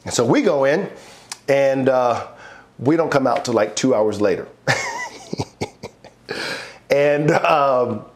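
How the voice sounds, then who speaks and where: Animated male pastor preaching. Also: medium pitch, slow pace, long pauses. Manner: animated, acts out voices in his stories, laughs often; builds to rousing praise. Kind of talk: sermon with personal storytelling. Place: church online worship service.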